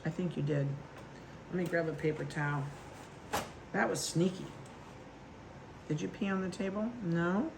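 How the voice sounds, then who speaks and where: A woman's voice: fairly low pitch, steady tone, moderate pace, gravelly, long pauses, background noise. A woman dog breeder chatting casually and affectionately as she handles puppies at an indoor table and talks to them.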